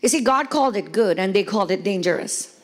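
A woman pastor preaching a sermon to a congregation, often shouting and playfully acting out quoted voices. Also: medium pitch, animated, fast talker. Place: church hall before a congregation.

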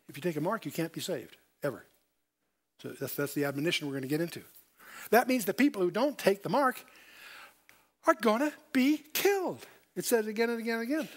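A man's voice: high voice, fairly bright tone. An older man giving a verse-by-verse Bible lesson, stressing key points and asking his listeners questions. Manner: emphatic, repeats key points, asks the audience questions. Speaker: Bible teacher.

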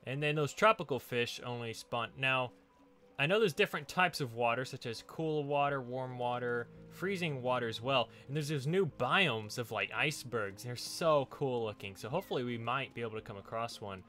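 A man's voice: mid-range voice, normal speed, bright, forceful tone, soft background music. A man hosting a let's play, chatting casually and laughing often while he explores and digs. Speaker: gaming channel host.

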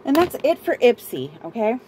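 A fairly high, sing-song, mellow voice belongs to a Southern California woman casually talking through a beauty and clothing haul at a moderate pace. Out of breath, she chats, rambles, breaks off mid-thought, and laughs a lot. A little hiss or hum runs through the rough recording.

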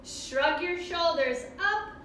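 A woman guides children through yoga in a slow, unhurried, sing-song voice that sits very high. Her tone is bright and encouraging. She sounds far from the mic in a very echoey room with faint background noise. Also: expressive. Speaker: kids' yoga teacher. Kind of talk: guided kids' yoga class. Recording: roomy echo from far off.

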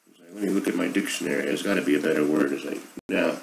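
A man's voice: a bass voice, very fast, vocal fry, slight background noise, low-quality recording. A middle-aged man hosting a casual monologue, rambling and sarcastic as he airs his opinions. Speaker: podcast host.

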